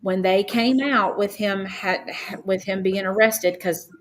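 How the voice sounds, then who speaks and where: A woman's voice: mid-range voice, unhurried, poor audio. A woman, a podcast guest earnestly recounting a personal story and quoting others at length. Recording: faint background noise.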